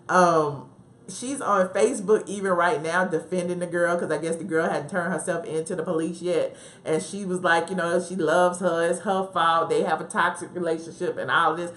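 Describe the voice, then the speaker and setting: A woman's voice: on the low side, a bit bright. A woman with a Southern US accent hosting a casual live stream from her home office, chatting, laughing often and talking back to her live chat. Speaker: livestream host.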